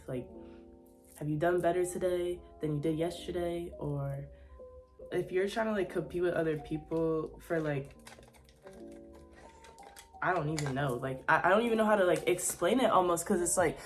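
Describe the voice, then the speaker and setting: A woman's voice: fairly low pitch, a little mellow. A young woman vlogging as she gets ready, chatting candidly with plenty of "like" fillers and sassy asides. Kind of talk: casual chat while getting ready.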